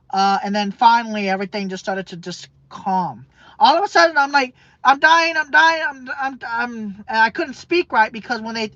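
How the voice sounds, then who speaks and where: A man's voice: sits high, fairly bright tone, no echo. A man telling a personal story in a rambling way, repeating himself and often restarting his sentences. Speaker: vlogger. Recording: dull, dry lo-fi recording.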